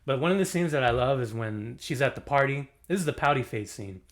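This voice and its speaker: A man giving a casual movie review, animated and slangy, laughing often as he talks. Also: mid-range voice, a little fast.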